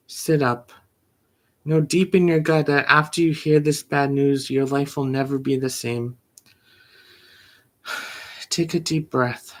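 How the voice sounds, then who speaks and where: A poet giving a slow, measured, often hushed reading of grief poems. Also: mid-range voice, steady tone. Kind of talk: poetry reading.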